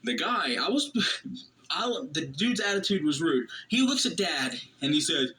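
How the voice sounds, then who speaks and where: Bright-voiced man telling a story. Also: fairly high pitch, measured pace, rough recording. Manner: lively anecdotal retelling with quoted voices. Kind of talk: casual storytelling.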